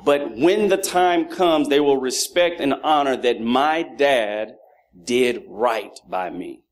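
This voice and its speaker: Animated male preacher telling family stories. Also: medium pitch, slow pace. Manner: animated, acts out voices of his children. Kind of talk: sermon with humorous family stories.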